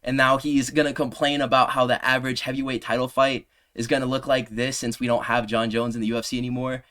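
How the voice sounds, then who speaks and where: A man in his twenties ranting heatedly in a commentary video, combative and heavy on profanity, his voice sinking low on trailing asides. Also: little pitch movement, fast talker, a bit bright. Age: 20s. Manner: drops pitch on trailing "bro". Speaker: MMA commentary creator.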